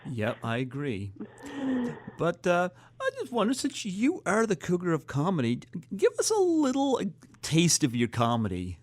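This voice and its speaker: Halting Canadian man, lively pitch. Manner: halting, stop-start, many fillers. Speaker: podcast host. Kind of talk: casual interview chat.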